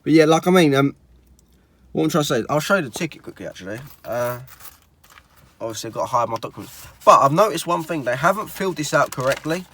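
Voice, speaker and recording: A man's voice: fairly high pitch, lively intonation, fast talker, fairly bright tone, slight background noise. A young man, chatty and exasperated, telling a storytime vlog full of likes and restarts. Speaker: car vlogger.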